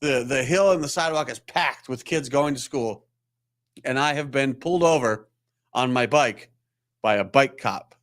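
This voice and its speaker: A man's voice: medium pitch, moderate pace, a bit bright. A man, a chiropractor hosting a live show, telling a rambling, self-deprecating story in casual chat. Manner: rambling, self-deprecating, acts out quoted voices.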